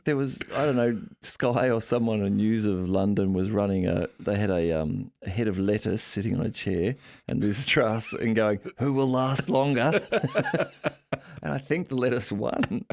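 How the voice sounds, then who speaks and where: A man hosting a casual podcast chat, joking and throwing in quick remarks. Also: fairly low pitch, vocal fry, darkish tone, no echo. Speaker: podcast host.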